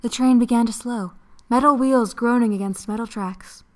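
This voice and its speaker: Breathy dramatic narrating woman. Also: on the high side, normal speed, darkish tone. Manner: breathy, seductive reading voice. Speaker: game co-host.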